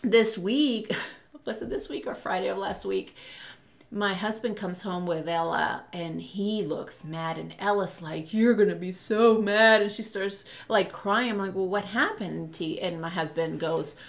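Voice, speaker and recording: A woman's voice: lowish voice, a little slow, vocal fry. A woman who is a podcast guest, telling family stories in casual chat and laughing as she talks.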